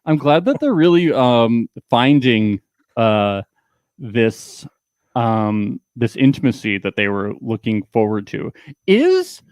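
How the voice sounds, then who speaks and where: A man's voice: mid-range voice, sing-song, takes it slowly, a little mellow, no room sound, clean studio sound. A man co-hosting a casual recap podcast, joking and rambling with lots of fillers. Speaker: podcast co-host.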